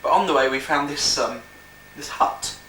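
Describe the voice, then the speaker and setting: A man's voice: mid-range voice, normal speed, bright, forceful tone. A man chatting easily with a friend inside a small stone hut, recorded on a camcorder mic across the room. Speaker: friend on camping trip. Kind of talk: casual chat. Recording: echoey, distant camcorder sound with noise.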